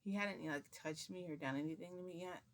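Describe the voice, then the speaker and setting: A woman's voice: fairly low pitch, a little fast. A woman vlogger telling a long casual story to her viewers, chatty and rambling, with many restarts.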